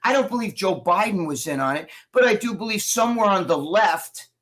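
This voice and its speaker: A man chatting casually on a livestream, telling animated, profanity-laced stories as co-host over a video call. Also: high voice, brisk. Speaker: show co-host.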